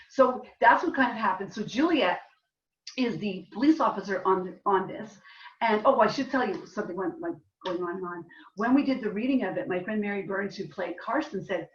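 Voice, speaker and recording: A woman playwright from Canada telling the story behind her play in a rambling, chatty way. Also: medium pitch. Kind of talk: casual talk at a reading. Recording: distant roomy dull live recording.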